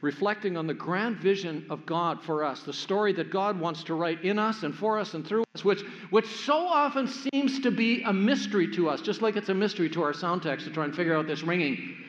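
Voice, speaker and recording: A man's voice: high voice, a little fast, fairly bright tone. An older man preaching a sermon as pastor, telling a family story in a church. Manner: storytelling, acts out family voices. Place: church sanctuary. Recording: echoey hall, dull sound.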